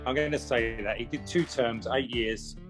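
A man's voice: medium pitch, moderate pace, over music. A man co-hosting a podcast, giving blunt, emphatic opinions in casual chat. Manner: emphatic and blunt, with repeated restarts. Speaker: podcast co-host.

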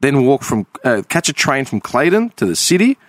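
Australian man, lively storyteller, dry close sound, casual banter. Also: medium pitch, normal speed, no room sound. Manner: storytelling, swears freely. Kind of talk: casual chat.

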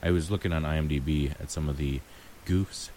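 A man's voice: extremely low pitch, fairly even intonation, fairly quick, mellow, a little hiss or hum. A man chatting casually about a movie, musing aloud with frequent ums and light laughs. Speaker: co-host reviewing a movie. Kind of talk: casual chat.

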